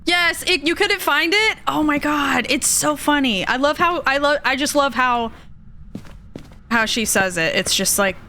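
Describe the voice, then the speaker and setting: A woman's voice: sits high, lively intonation, a little slow, pushed and bright. A young woman streaming a game, chatting casually and greeting viewers by name. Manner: chatty, reads chat aloud and greets viewers. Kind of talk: casual live-stream chat while gaming.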